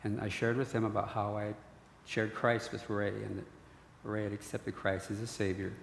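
Gravelly middle-aged man in a hall. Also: on the low side, completely flat delivery, moderate pace, slight background noise. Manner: storytelling, repeated restarts, earnest. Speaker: guest sharing a testimony. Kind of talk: personal faith testimony. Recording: echoey hall recording.

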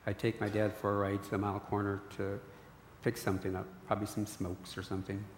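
Speaking fast in a fairly low monotone, a middle-aged male guest earnestly relates his faith testimony, breaking off and restarting often. The hall recording is echoey, with a touch of hiss or hum underneath.

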